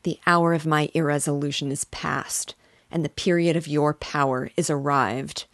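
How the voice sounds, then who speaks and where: A woman's voice: low-pitched, no room sound, clean studio sound. Woman reading as a proud, defiant young scientist.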